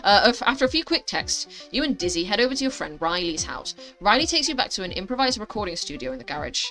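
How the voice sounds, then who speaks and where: A woman's voice: mid-range voice, very animated, quick pace, pushed and bright, soft background music. A woman playing through a mobile story game, reading it aloud with chatty asides. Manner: chatty, self-aware asides. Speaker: gaming youtuber.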